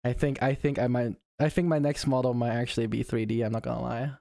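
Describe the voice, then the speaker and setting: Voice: mid-range voice, flat delivery, fast, gravelly, dry recording, clean studio sound. A VTuber streamer chatting casually on a live stream, laughing a lot and swearing often. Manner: giggly, swears often, reacts out loud.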